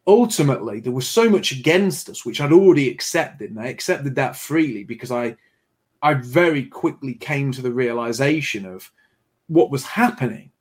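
A man's voice: medium pitch, lively intonation, normal speed. A man hosting a livestream who reads out viewer donations, thanks donors, and tells stories in a chatty way. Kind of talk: casual livestream chat.

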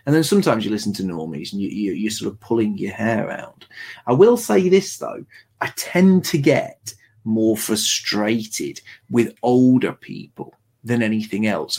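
A man's voice: mid-range voice, vocal fry, a little mellow, husky. A man from England hosting a stream, chatting casually in a teasing, sardonic way. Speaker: stream host. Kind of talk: casual chat.

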